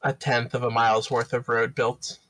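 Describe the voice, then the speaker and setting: A man narrating as dungeon master in a tabletop game, relaxed, with frequent fillers. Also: medium pitch, normal speed. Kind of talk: running a tabletop game over a live stream.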